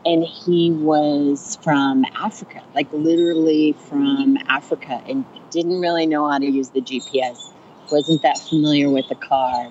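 A woman comedian telling a funny story on a podcast, chatty and animated, acting out the voices of the people in it. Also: low voice, a little slow, muffled recording, a little hiss or hum. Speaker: stand-up comedian and rideshare driver.

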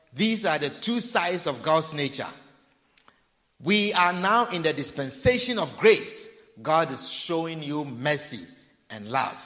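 A man's voice: a little high, sharp tone. Preaching man in an echoing hall. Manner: preaching with repetition and acted-out pleading. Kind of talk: sermon. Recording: long reverb of a large hall.

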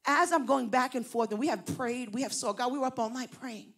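A woman pastor telling a story in a sermon, animated and rising to loud emphasis. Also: fairly high pitch, fairly quick, husky.

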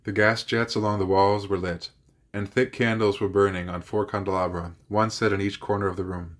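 A man who hosts a podcast, reading a classic novel aloud in a steady, measured narration. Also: fairly low pitch. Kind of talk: audiobook narration.

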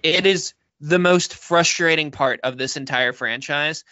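A man co-hosting a casual film-discussion podcast, animated and opinionated, with lots of filler words. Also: fairly high pitch, no echo, lo-fi sound. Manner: animated, opinionated, talks fast with many fillers. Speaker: podcast co-host.

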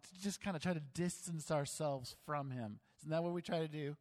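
A pastor preaches in a relaxed, chatty way and jokes at his own expense. His voice is a man's, pitched fairly high. The sanctuary adds a long, trailing reverb. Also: normal speed. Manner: conversational, self-deprecating humor. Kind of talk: sermon.

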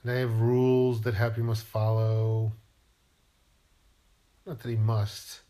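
A man's voice: lowish voice, level tone, slow pace, mellow. A man, a writer, musing playfully in a rambling monologue and asking himself questions aloud.

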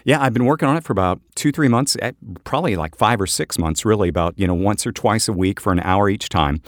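A man's voice: on the low side, fast, no room sound, studio quality. A male voice actor co-hosting a casual podcast, talking in an easygoing, rambling way full of fillers.

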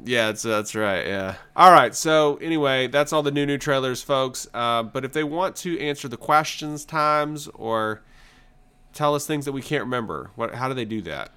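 A man co-hosting a podcast in casual chat, excitable and jokey, laughing a lot. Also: medium pitch, moderate pace, clean tone. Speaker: podcast co-host.

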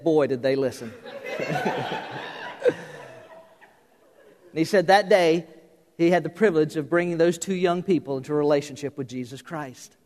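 A man preaching a sermon, telling a story with lively emphasis and repeated words, then dropping soft and low to drive a point home. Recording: reverberant hall.

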